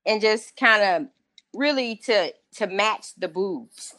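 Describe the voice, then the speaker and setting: A woman in her thirties as an interview guest, telling her story casually in an excitable, animated way and acting out what people said. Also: mid-range voice, slow, no echo. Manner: excitable, animated, acts out quotes.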